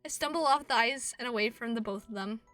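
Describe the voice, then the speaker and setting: A woman streamer reading a visual novel aloud and reacting, expressive, swearing and laughing at herself. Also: fairly high pitch, fast, distant mic, soft background music. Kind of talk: game playthrough, reading and reacting.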